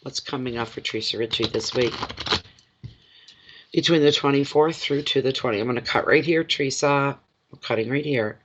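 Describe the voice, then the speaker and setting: Over a phone mic with background noise, a man of medium pitch gives a brisk live tarot reading. He's chatty and joking, poking fun at himself between cards.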